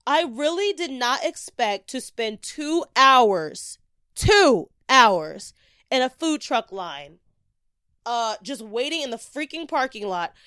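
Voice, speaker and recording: A young woman hosting a podcast, casually telling an animated story and acting out the quotes. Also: slow pace, smooth, no echo, studio quality. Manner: animated, acts out quotes with big pitch jumps.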